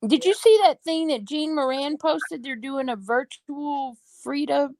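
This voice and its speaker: A woman's voice: high voice, measured pace, darkish tone, no room sound, rough recording. A woman chatting casually with a wry, teasing humor. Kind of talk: casual chat.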